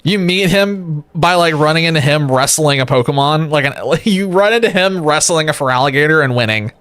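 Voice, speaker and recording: A man's voice: fairly high pitch, a little fast, fairly bright tone, clean tone, dry recording. An exhausted man streaming from home, rambling and joking in casual chat with his viewers. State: exhausted from lack of sleep. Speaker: livestreamer. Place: home streaming setup with a webcam.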